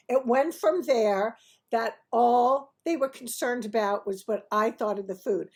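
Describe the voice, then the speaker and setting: A woman tells a personal anecdote in a loose, chatty way, laughing through the funny parts. Her voice sits a bit high, with a gravelly, slightly husky edge. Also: measured pace, darkish tone. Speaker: host of a restaurant review TV show. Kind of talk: casual anecdotal storytelling.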